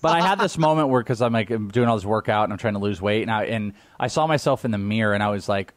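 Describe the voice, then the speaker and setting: A man's voice: fairly low pitch, quick pace, no room sound. A man co-hosting a casual chat show, rambling, laughing often and restarting his sentences. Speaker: podcast co-host.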